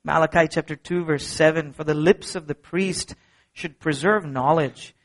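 A middle-aged man preaching a sermon as pastor, earnest and emphatic, swinging from soft low passages to ringing peaks. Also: normal speed.

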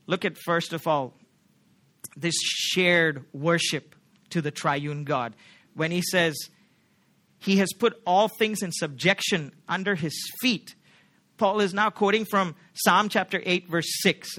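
Male pastor, high bright voice, emphatic sermon delivery, keeps checking in with the congregation. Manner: emphatic, asks the congregation rhetorical questions.

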